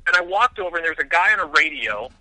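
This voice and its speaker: A man from Las Vegas, a film director, telling his story as an interview guest in an animated way, often restarting his sentences. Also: on the high side, racing, no echo, poor audio. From Las Vegas, USA.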